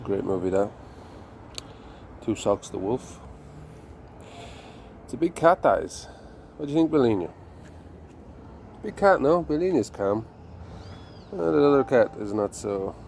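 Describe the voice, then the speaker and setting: A man's voice: medium pitch, animated, a little slow, creaky, pauses often, a little mellow. Chatty man filming on a city street. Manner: chatty, wry asides to viewers, swears. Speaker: vlogger walking his dog. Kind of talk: casual walking commentary. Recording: street traffic noise behind.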